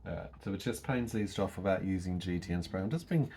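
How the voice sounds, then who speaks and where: A very deep-voiced Australian man talks in a calm, explanatory way, reassuring as he goes. A faint hiss sits under his voice in a home setting. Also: quick pace. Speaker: carer and vlogger. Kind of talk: casual home vlog commentary. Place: home indoors.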